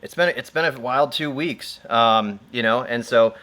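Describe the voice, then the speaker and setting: Male host, mid-pitched, loose and rambling. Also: measured pace, pushed and bright. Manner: rambling, heavy fillers, laughs often. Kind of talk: casual livestream chat.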